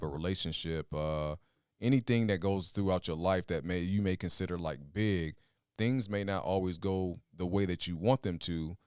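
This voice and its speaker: A man with a very low, smooth and resonant voice gives earnest life advice on a podcast. He talks in a steady, advising way with filler pauses. The sound is dry and close. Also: no echo. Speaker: podcast co-host, father. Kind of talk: casual advice talk.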